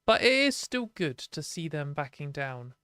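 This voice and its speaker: A British woman hosting a live stream, talking casually and frankly with lots of "like" and quick laughs. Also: sits low, big pitch swings, sharp tone, smooth, dry recording. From Britain.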